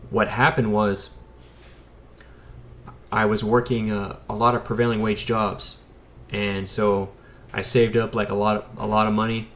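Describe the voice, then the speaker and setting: A man's voice: fairly low pitch, little pitch movement, a little slow, pauses often, fairly bright tone, a little hiss or hum. An American man in his thirties, an electrician, chatting casually on a live stream, rambling and talking straight to his viewers. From United States. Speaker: electrician and YouTuber.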